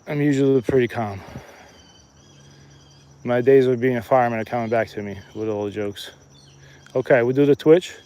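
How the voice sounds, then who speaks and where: Upbeat guy in his 30s, fishing live stream outside by a lake, chatty and jokey, average pitch. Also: steady tone, moderate pace, pauses often, mellow, clean tone. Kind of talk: casual live-stream chat. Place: outdoors by a lake.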